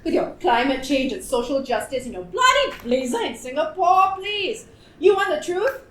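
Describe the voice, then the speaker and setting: Brief: a woman plays a brash, teasing radio host with a high, bouncy voice in an echoey room. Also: sing-song, normal speed. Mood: combative. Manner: brash, teasing, loud laughter. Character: brash adult woman radio morning-show host Val. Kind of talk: stage play performance. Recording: echoey room with faint noise.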